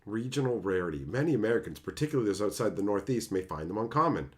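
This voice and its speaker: A man's voice: fairly low pitch, sing-song, fast. A man streaming live, reading chat and ranting at it in profane, exasperated bursts.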